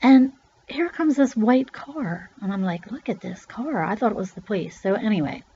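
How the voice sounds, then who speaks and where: A middle-aged Pennsylvania woman, a vlogger, rambles through a personal story in a loose, chatty way, swearing now and then and acting out voices when she quotes people. Her voice is medium-pitched, expressive, warm and husky at a normal speed, captured on a dull lo-fi recording.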